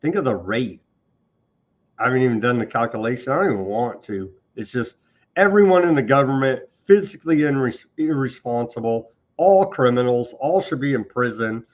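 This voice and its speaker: A man with a medium-pitched, animated voice speaks at a normal speed over lo-fi sound. He hosts a news commentary show, reading on-this-day items and tearing into them with heavy sarcasm, mocking and scornful of the government.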